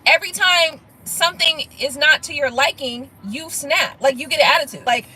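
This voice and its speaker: Profane, animated woman with a bright, high voice. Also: moderate pace, poor audio. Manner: blunt, profane, animated, laughs things off. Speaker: tarot reader on a live stream. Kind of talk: casual live-stream chat reading viewer comments.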